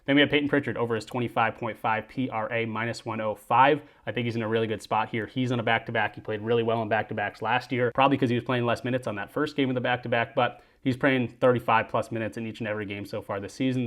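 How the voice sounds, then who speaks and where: Fast-talking sports betting picks host. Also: male voice, a bit bright. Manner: brisk, upbeat sign-off pitches. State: out of breath.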